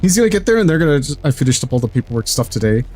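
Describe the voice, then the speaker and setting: Man, game streamer, casual chat, rambling, jokey, swears, lively pitch, faint music behind. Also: racing.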